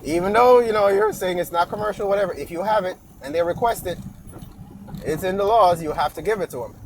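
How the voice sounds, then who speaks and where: A man's voice: high voice, a little fast, slight background noise, low-quality recording. A man in a casual debate, animatedly telling his own experiences and acting out both sides.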